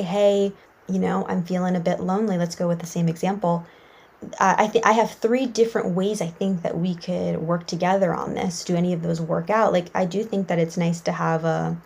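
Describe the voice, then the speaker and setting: A woman's voice: medium pitch, darkish tone. A young woman talking casually and earnestly to listeners, reflecting on needs and people-pleasing with frequent fillers. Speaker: self-help podcast host. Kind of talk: casual advice monologue.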